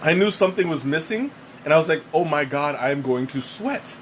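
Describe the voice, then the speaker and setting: A man's voice: on the high side, animated, moderate pace, slight background noise. Chatty man hosting a live tea stream. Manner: chatty, self-deprecating, rambling with restarts. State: sweating and catching his breath after choking. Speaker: livestream host. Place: home room with a fan running.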